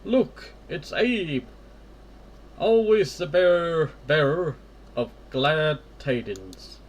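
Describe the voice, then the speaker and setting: A man voicing a teasing high-school girl who helps at the church, in a light, mocking tone. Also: animated, very slow, full character voice.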